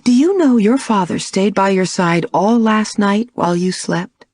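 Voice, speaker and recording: A woman voicing a gentle, warm-hearted mother speaking softly and kindly. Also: mid-range voice, measured pace, no echo, clean studio sound, pitched above the performer's own voice, lightly acted.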